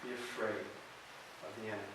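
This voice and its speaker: A man preaching a sermon to students as a youth pastor, shifting between hushed, slow emphasis and loud, urgent preaching. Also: fairly low pitch, steady tone, noisy background. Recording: echoey hall heard from a distance.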